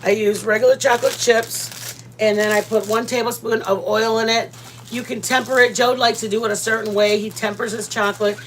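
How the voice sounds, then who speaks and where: A woman's voice: a little high, fairly even intonation, a little fast, a little hiss or hum. A woman, chatting casually with her viewers as she hosts a cooking livestream, rambling from one thought to the next. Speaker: livestream host.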